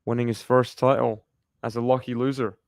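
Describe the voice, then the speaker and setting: A man's voice: medium pitch, flat delivery, brisk, a little mellow, dry recording, studio quality. Chatty man calling tennis. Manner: chatty, laughs often, cheers on players. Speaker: tennis watchalong commentator. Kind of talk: live play-by-play commentary.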